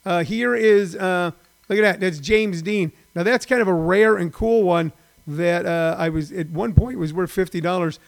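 A middle-aged man talks to his live-stream viewers from home in a rambling, chatty way, full of filler words. His voice sits high for a man. It carries a gravelly, creaky edge. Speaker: live-stream host and former stand-up comic.

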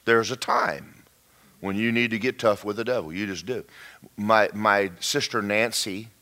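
A man preaching a storytelling sermon, folksy and animated, with joking asides and sudden shouts. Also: lowish voice, a little slow.

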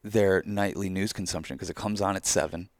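Deep, gravelly-voiced man chatting candidly. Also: fairly even intonation, fairly quick, no room sound. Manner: reflective, candid, swears casually. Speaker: podcast co-host. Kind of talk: casual chat.

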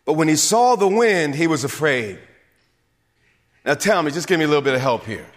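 A man preaching a sermon as bishop and pastor, swinging from hushed whispers to emphatic shouts. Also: a little high, animated, a little fast, in a large hall. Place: church sanctuary.

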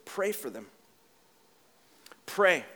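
A middle-aged man delivers a sermon in a lively, conversational way, mixing jokes with repeated points. His voice sits high and sounds bright and forceful. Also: extremely slow. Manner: animated, conversational preaching with humor and repetition. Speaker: pastor.

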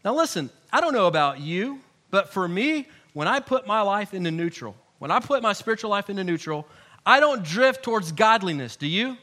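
A man preaching a sermon, moving between loud, emphatic points and quiet, personal storytelling. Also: sits high, lively intonation, a little fast. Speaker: pastor.

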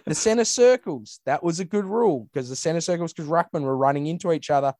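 A man's voice: on the high side, brisk, a little mellow, no room sound, clean studio sound. An Australian man in casual podcast chat, ranting bluntly with swearing and mimicking others. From Western Australia.

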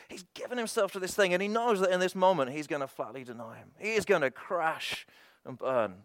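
A man preaching with rising passion, building repeated lines into a strong cadence. His voice sits fairly high for a man, and the sound is dry and close. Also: fairly bright tone, smooth, dry recording. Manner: impassioned, repetitive cadence with frequent restarts. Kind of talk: sermon.

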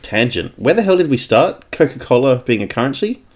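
A man's voice: medium pitch, big pitch swings, fairly quick. A man with an Australian accent co-hosting a podcast in casual, rambling, jokey banter. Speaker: podcast co-host.

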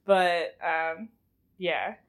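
A woman's voice: on the low side, fairly even intonation, very slow. A young woman casually recapping a film as a podcast host, chatty and giggly, rambling with lots of fillers. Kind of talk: casual chat.

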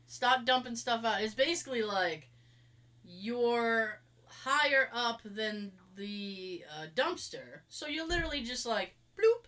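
A woman with a Massachusetts accent, who is from that state, tells a story in a casual chat peppered with lively sound effects. Her voice is fairly high-pitched.

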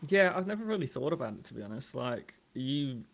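A man's voice: medium pitch, very animated, brisk, vocal fry, fairly bright tone. A man chatting casually as a podcast co-host, curious and asking questions. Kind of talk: casual chat.

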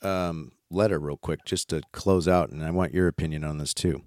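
A man's voice: rumbling low, steady tone, moderate pace, darkish tone, no room sound, studio quality. A man hosting a casual chat, blunt and profane, giving his opinions. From US West Coast. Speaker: podcast host.

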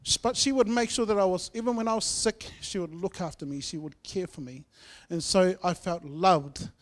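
A man sharing his personal testimony in church, telling his story earnestly, with swings between loud and soft. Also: sits high, normal speed. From New Zealand. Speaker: guest speaker sharing testimony.

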